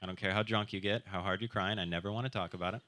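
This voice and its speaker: A man's voice: sits low, fairly even intonation, bright, forceful tone, a little hiss or hum. Brash self-mocking male stand-up comic. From South Dakota. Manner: crude, self-deprecating, quick shifts into quoted voices. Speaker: stand-up comedian. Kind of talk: stand-up comedy set.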